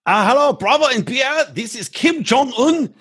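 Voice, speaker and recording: A man putting on a high, shouty voice as a mock dictator calling in to a podcast. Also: expressive, moderate pace, full character voice. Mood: mock boastful. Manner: shouty, high-pitched put-on voice.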